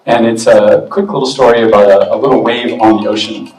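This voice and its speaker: A man's voice: on the low side, brisk, recorded from a distance. Chatty man speaking in an echoey hall. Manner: relaxed, self-deprecating, chatty with fillers. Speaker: medium giving a talk. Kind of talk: public talk to an audience. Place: expo hall. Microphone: booming handheld or stand mic. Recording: echoey hall, mic heard from afar.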